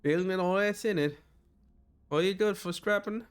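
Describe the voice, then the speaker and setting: Gruff woman salvager with a shaky put-on accent, a German-accented man raising his voice for her. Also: high voice, moderate pace, pitched above the performer's own voice, close to an everyday voice. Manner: clumsy, wandering put-on accent. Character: gruff woman salvager who owns the rig.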